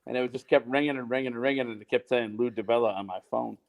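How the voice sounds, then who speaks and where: A man, a podcast co-host, recounting a story in casual chat, halting and full of fillers. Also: medium pitch, steady tone, creaky, narrow, tinny audio.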